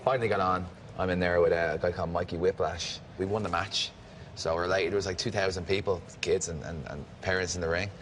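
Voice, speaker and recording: A man's voice: low voice, fairly even intonation, a little fast, a bit bright, slight background noise. A man telling a wrestling story in casual chat, laughing and rambling along. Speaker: wrestling podcast guest.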